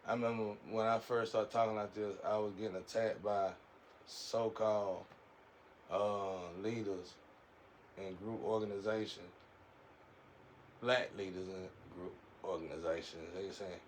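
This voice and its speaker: A man with a fairly low voice rambles through a casual, preachy spiritual monologue, circling back and repeating his phrases. A faint hiss of noise sits behind him. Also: fairly even intonation, measured pace, low-quality recording. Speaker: speaker giving a monologue.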